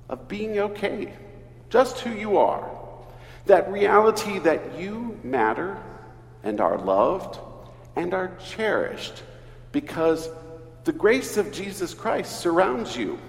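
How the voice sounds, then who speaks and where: A man, an Episcopal priest, preaching a sermon in an earnest, measured way. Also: high-pitched, gravelly. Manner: slow, earnest preaching with lively emphasis. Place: church. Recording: echoey church hall, distant mic.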